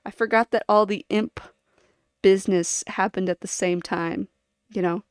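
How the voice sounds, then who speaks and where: A woman's voice: mid-range voice, fairly even intonation, normal speed, clear, resonant tone, dry recording, studio quality. A woman streamer chatting casually to her viewers, rambling and giggling as she jumps from one topic to the next.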